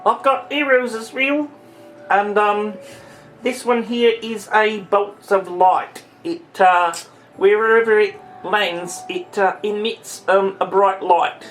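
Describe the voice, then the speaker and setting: A woman's voice: medium pitch, steady tone, slow, soft background music, natural voice. A woman playing a chatty shop assistant. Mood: helpful. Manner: rambling with many fillers.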